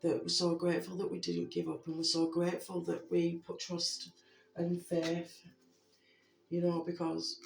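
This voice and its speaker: Slow, gravelly voice giving reassurance. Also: mid-range voice, monotone. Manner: gentle, repetitive reassurance with many fillers. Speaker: spiritual message giver. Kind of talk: heartfelt spiritual message to viewers. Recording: roomy echo with faint background music.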